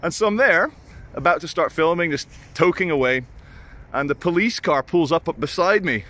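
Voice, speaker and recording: A man's voice: fairly high pitch, expressive, normal speed, bright, forceful tone. A British man vlogging casual anecdotes in a rambling, crude and self-mocking way.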